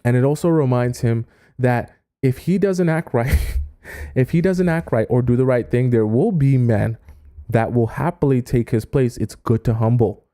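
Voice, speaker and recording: A man giving dating advice on a live stream, animated and often acting out quoted voices. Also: medium pitch, moderate pace. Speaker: dating coach.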